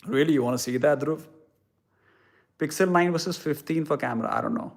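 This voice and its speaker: A man's voice: on the high side, fairly quick. A young man with an Indian English accent, casually chatting with viewers and answering their questions in a blunt, irreverent way that includes casual swearing. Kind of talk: casual live-stream chat.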